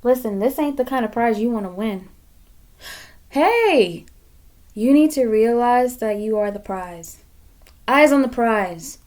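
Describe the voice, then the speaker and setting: A woman's voice: on the high side, normal speed. Blunt, profane woman tarot reader. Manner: blunt and profane, repeating phrases for emphasis; swings between loud emphasis and hushed, near-whispered asides. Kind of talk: pick-a-card tarot reading to camera.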